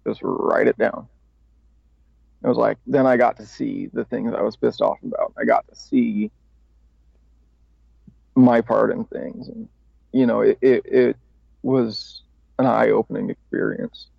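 A man guesting on a podcast speaks unhurriedly in a steady, gravelly, medium-pitched voice, pausing often as he candidly rambles through his recovery story. He swears casually and laughs at himself, and the dry, slightly dull podcast audio has no echo.

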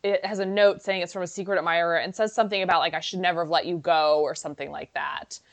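Low-voiced woman recapping in casual chat. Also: steady tone, fast talker, highs cut off. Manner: chatty, laughing recaps with quoted voices. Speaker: podcast co-host.

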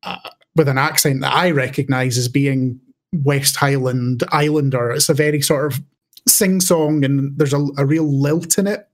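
A man's voice: mid-range voice, steady tone, moderate pace. Middle-aged Scottish man chatting. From Scotland. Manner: chatty, stacks restarts and repeated words. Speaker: podcast co-host and game master. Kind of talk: casual chat.

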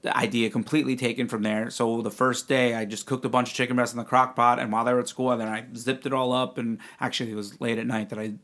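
Fast, with hardly any pauses, his mid-range voice stays level and fairly bright. He's an adult with young kids co-hosting a casual podcast, and as co-host and client he jokes and launches into long personal anecdotes.

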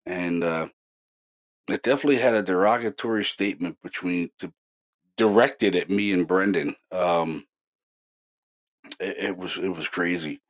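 Casting: deep-voiced male host, casual storyteller, animated and excited, filler-heavy. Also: normal speed, long pauses. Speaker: paranormal investigator host.

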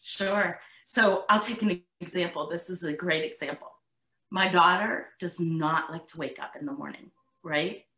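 In an echoey room, a middle-aged parenting coach is interviewed on a podcast and tells animated stories, acting out both her own lines and her daughter's. She speaks in a lowish voice, unhurried.

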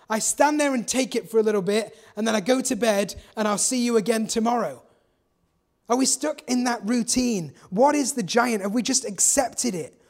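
High-voiced preacher. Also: male voice. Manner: energetic, rhetorical questions, storytelling. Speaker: pastor. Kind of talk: sermon.

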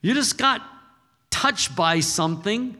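A man's voice: high voice, expressive, slow pace, bright, forceful tone, big-room sound. An older man preaching a sermon as a pastor, moving between fired-up exhortation and folksy storytelling.

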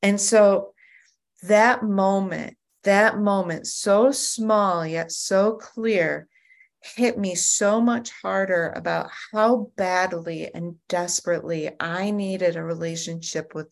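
A woman giving a personal testimony at a recovery group meeting over a video call, telling her story in an animated way with frequent restarts. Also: lowish voice, slow pace, creaky.

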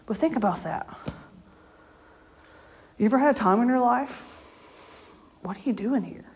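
A woman's voice: on the high side, animated, a little slow, darkish tone, slight background noise. A woman preaching a casual, story-filled sermon. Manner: conversational storytelling, laughs often. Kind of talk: informal sermon.

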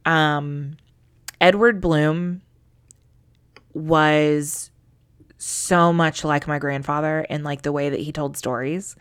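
A woman's voice: low-pitched, steady tone, slow pace, pauses often, clean tone. A young adult woman co-hosting a casual book podcast, talking emotionally and swearing freely. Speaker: podcast co-host.

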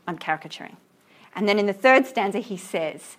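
A woman teaching a class about a poem, reading verse aloud slowly and asking her students questions with enthusiasm. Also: medium pitch, lively intonation. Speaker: literature teacher.

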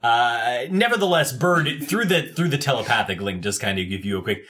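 A man's voice: mid-range voice, lively intonation, moderate pace, hardly any pauses, fairly bright tone. A man running a tabletop game as game master, narrating in a loose, descriptive way with many fillers.

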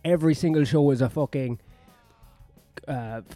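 Comedian guy ranting, swears a lot, rambles, warm low-key tone. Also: moderate pace, no room sound, faint music behind. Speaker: comedian vlogging. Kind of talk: profane ranting monologue.

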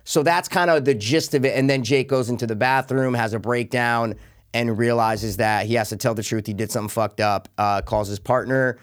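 An animated young man co-hosts a laid-back podcast about a film. He tumbles through plot recaps, curses freely and slips into quick acted-out lines. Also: mid-range voice. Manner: animated, swearing, jumps into retelling scenes. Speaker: podcast co-host reviewing a film. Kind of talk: casual chat.

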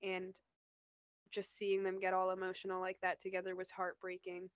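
A woman's voice: lowish voice, monotone, moderate pace, dry recording, highs cut off. A woman co-hosting a podcast, chatting casually about a TV episode, with lots of "like" and "you know". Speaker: podcast co-host. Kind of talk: casual TV rewatch discussion.

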